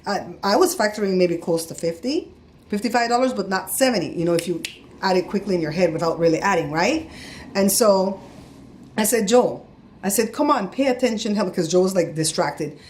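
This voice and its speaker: A woman's voice: medium pitch, a little fast, a little hiss or hum. A middle-aged woman vlogging casually, telling a story with heat and acting out the voices of the people in it. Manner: animated, acts out quoted voices, gets heated.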